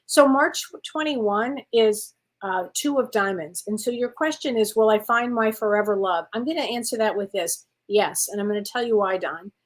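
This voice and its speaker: Talking at a normal speed with hardly any pauses, a medium-pitched psychic medium runs a live-stream reading show. Her manner is chatty and rambling, full of restarts and self-corrections, and she addresses viewers as honey and sweetheart.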